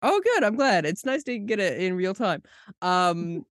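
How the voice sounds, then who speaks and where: A man's voice: high-pitched, very animated, a little slow, a bit bright, dry recording, studio quality. Playful young male podcast host. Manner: playful, chatty, giggly, many fillers. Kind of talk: casual chat.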